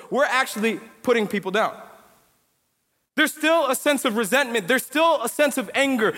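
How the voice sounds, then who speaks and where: High-voiced young pastor in a reverberant hall. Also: male voice. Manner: animated storytelling, casual slang, builds to emphatic preaching. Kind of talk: sermon. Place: church sanctuary.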